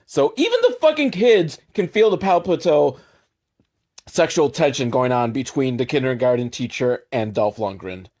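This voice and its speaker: A man recapping a movie for comedy, sarcastic, jumping into quick put-on voices for the characters. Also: medium pitch, a little mellow.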